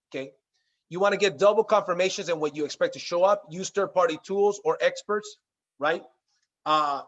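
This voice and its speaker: A man's voice: high voice, dull audio. A man giving a business training talk, coaching listeners directly and acting out sample phone invitations. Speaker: sales trainer.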